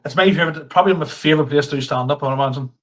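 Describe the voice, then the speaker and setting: An easygoing man in his thirties with a slightly higher voice. He co-hosts a casual comedy podcast, agrees readily, and is quick to laugh. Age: 30s. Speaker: podcast co-host and stand-up comedian. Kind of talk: casual chat.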